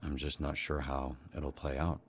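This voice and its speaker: A man's voice: extremely low pitch, flat delivery, moderate pace, a little hiss or hum. An actor playing an exasperated male team manager in a video game, with a dry, weary way of talking.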